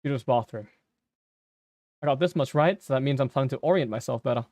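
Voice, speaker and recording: A male streamer reads a story game aloud, slow and somber, in a mid-range voice. The sound is dry and close, with no room around it. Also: medium pitch, darkish tone, no echo. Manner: slow, somber, measured reading.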